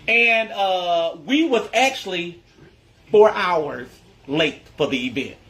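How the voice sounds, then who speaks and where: A man with a high voice tells a story to his followers. He is chatty and emphatic and talks straight to his audience as "y'all". It sounds like a content creator's casual spoken vlog. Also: animated, slow pace, fairly bright tone. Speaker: social media content creator.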